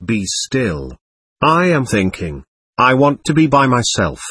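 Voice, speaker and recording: A man's voice: mid-range voice, big pitch swings, takes it slowly, fairly bright tone, breathy edge, no room sound, clean studio sound, heavily acted. A man reading aloud the lines of a stubborn, hostile male spirit from a séance record, defiant and threatening.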